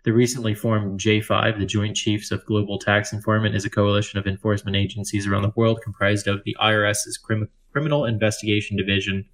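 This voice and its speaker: A man with a low voice co-hosts a laid-back talk show. He reads the news out loud, stumbles over hard foreign names and jokes with his co-host. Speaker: podcast co-host. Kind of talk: casual chat.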